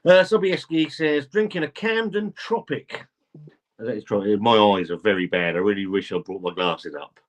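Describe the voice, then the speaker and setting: Male livestream host, lowish voice, casual chatter, reads the comments aloud, swears freely. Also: moderate pace. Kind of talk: casual live chat reading comments.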